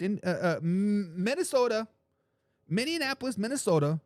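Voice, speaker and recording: A man hosting a casual live sports talk show, reading viewer comments aloud with a joking, animated manner and frequent laughs. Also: high-pitched, unhurried, dry recording, studio quality.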